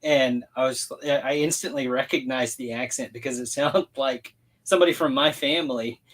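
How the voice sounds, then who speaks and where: A man's voice: mid-range voice, moderate pace, fairly bright tone. Easygoing man from Louisiana, laughs a lot. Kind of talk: casual chat on a live stream. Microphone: video call.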